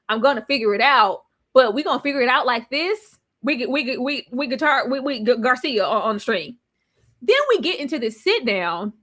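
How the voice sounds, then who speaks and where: A woman reviewing a TV show in casual recap chat, animated and laughing often as she acts out quotes. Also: a little high.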